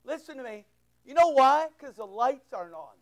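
A pastor delivers a fervent sermon in a strikingly high, strained voice. He hammers his points with rhetorical questions and repetition, stumbling into quick restarts when he gets intense. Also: animated, low-quality recording. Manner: fervent, emphatic preaching with repeated rhetorical questions.

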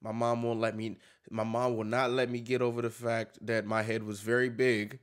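A man's voice: mid-range voice, flat delivery, moderate pace. A man hosting a reaction video, talking in a casual, emphatic way with lots of slang and swearing.

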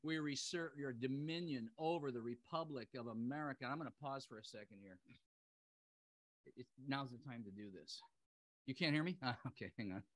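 A man hosting a livestreamed prayer show, proclaiming decrees loudly and fervently and then chatting casually, heard through his own microphone on a video call. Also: mid-range voice, normal speed. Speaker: host and prayer leader.

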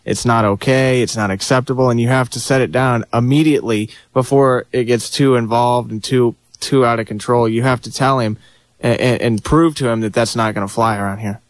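A man's voice: medium pitch, fairly even intonation, brisk, no echo. A man who is a guest advice author on a call-in radio show, giving earnest, insistent advice from a studio.

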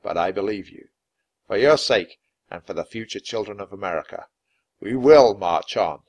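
A grave, commanding general from a storybook who speaks with slow, solemn weight, as a man reads his part. His voice sits in the middle of the man's range, with plenty of lift and fall as he declaims. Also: fairly low pitch, expressive. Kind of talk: storybook reading.

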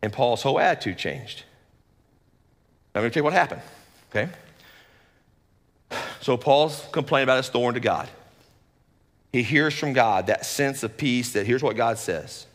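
A man, a lead pastor, giving a conversational sermon in an animated, folksy way with joking asides. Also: medium pitch, normal speed, pauses often, long reverb tail.

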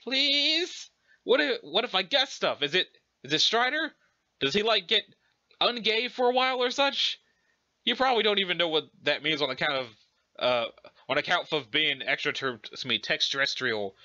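A man's voice: high-pitched, lively intonation, normal speed, bright, forceful tone, no echo, exaggerated voice. A man voicing a brash, slangy teenage girl who teases and pushes, in a dramatic reading. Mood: teasing, pushy. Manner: casual, slangy, teasing. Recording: dull lo-fi recording.

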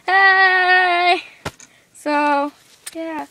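A woman's voice: very high voice, slow, bright, forceful tone. A young woman goofing around in casual, playful chat, giggling often. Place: inside a car.

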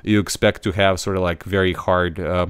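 A man with a lowish, smooth, resonant voice chats casually as a podcast host. He talks in halting runs, restarting and repeating words as he searches. The sound is dry and close, with no room around it. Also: flat delivery, dry recording.

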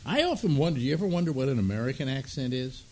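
A male radio talk host chatting in a relaxed, rambling way, full of "uh"s and restarts. His voice moves around a lot in pitch, from a middle-of-the-range base. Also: racing. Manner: rambling and conversational with many fillers. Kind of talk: casual chat.

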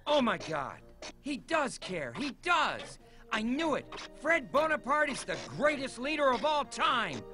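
Brief: high-pitched, theatrical soldier, lively delivery over music. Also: male voice, measured pace, full character voice. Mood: devoted. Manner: theatrical, overwrought. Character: melodramatic male foot soldier, gloomy then zealous. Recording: game audio over soundtrack.

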